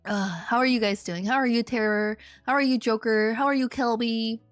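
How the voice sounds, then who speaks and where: A woman's voice: fairly high pitch, normal speed, dry recording, soft background music. A woman streamer playing a game live, joking and chatting animatedly with her viewers. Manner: animated, joking, talks to chat.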